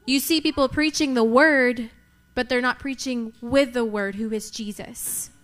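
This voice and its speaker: A woman's voice: on the high side, fairly even intonation, unhurried, a bit bright. A young woman preaching a sermon, emphatic, repeating key lines for effect.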